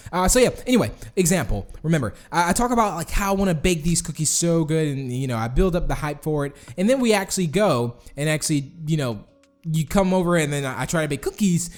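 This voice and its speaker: A man's voice: on the high side, a little mellow. A man hosting a casual game tour, rambling and self-deprecating, laughing often and restarting his sentences. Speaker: gaming channel host touring community builds.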